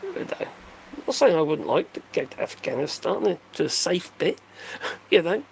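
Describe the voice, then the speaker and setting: A man's voice: high voice, very animated, a little slow, gravelly, a little hiss or hum. An older man casually chatting on a livestream, rambling and joking as he answers viewer comments. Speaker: livestream host reading chat. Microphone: phone.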